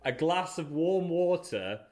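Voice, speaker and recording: A man's voice: fairly high pitch, slow pace, soft background music. A man in his thirties, co-hosting a casual meal chat and telling self-mocking stories. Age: 30s. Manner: animated, self-mocking storyteller. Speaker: co-host of a video duo.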